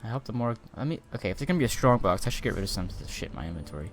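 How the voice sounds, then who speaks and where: A man's voice: lowish voice, very animated, racing, a little hiss or hum. Rambling man streaming a game. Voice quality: rambling, self-interrupting. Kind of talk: casual gameplay commentary.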